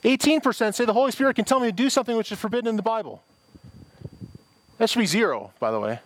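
A man's voice: high voice, animated, quick pace. A middle-aged man from Michigan, preaching a sermon as pastor in a conversational, anecdotal way, often restarting his sentences.

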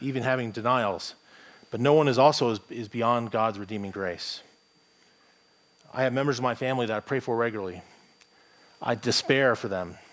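A man with a plain American accent, a pastor preaching a morning sermon in a conversational, thinking-aloud way with frequent restarts. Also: medium pitch. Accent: General American.

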